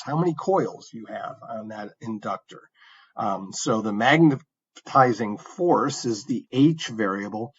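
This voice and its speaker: A man's voice: medium pitch, lo-fi sound. A male university lecturer giving a recorded engineering lecture, talking conversationally with frequent fillers and restarts.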